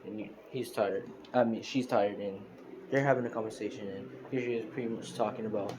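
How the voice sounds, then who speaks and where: A man's voice: on the low side, fairly even intonation, brisk, noisy background. A young man casually retelling a fan story over a phone recording, rambling with lots of fillers and self-corrections. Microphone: phone screen recorder.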